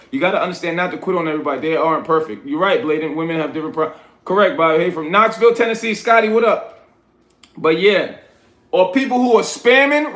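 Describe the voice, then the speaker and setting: A man with a New York accent chats on his livestream, answering comments one by one. His voice sits high, and he gives blunt, street-style advice. The sound rings in an echoey room. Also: a bit bright. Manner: reads chat aloud, coaching and scolding viewers. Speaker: livestream host. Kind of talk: casual livestream chat.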